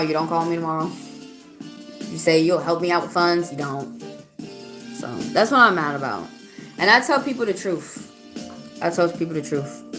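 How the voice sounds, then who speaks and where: Outspoken Southern woman reading tarot live. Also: on the low side. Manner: chatty, outspoken, talks straight to chat. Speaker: tarot reader. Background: faint background music.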